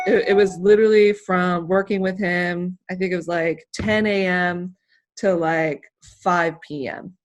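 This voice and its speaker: Athlete woman guest, slightly low-pitched, animated and emotional, rambling delivery. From United States. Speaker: interview guest, hammer thrower. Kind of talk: casual interview storytelling.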